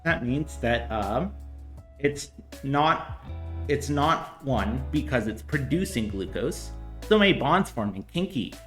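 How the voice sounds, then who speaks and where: A man talks through chemistry problems during a casual livestream, hesitant and full of fillers, drifting into chatty asides as he rambles. He takes it slowly in an expressive, medium-pitched voice that rings around a roomy space, with soft guitar faintly playing beneath.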